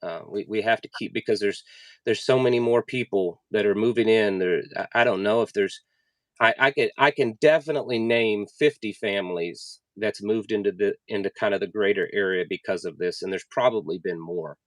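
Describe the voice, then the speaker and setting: A man hosting an interview, telling a personal story in an earnest, halting way with many restarts. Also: lowish voice, no echo. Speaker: podcast host. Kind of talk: casual conversational interview.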